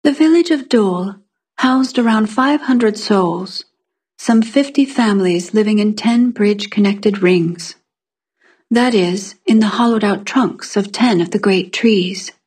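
Woman, breathy voice, mid pitch, calm scripted fiction narration. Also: a little slow.

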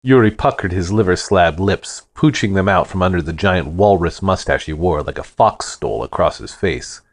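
A man narrating a first-person fantasy story in an expressive, dramatic manner. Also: sits low, normal speed.

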